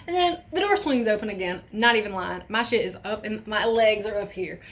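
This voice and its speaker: A young woman vlogger telling a personal story in a casual, animated way, swearing freely. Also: mid-range voice, brisk. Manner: animated, profane, laughing asides.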